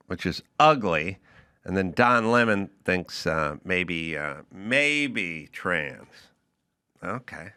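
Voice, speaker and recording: Middle-aged male podcast host; blunt, profane ranter; bright, forceful tone. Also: mid-range voice, dry recording, clean studio sound. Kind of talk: casual comedy podcast chat.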